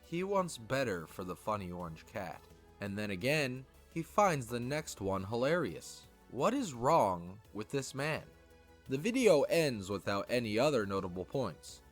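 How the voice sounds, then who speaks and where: A man narrating a scripted video essay with a wry, lively delivery. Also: lowish voice.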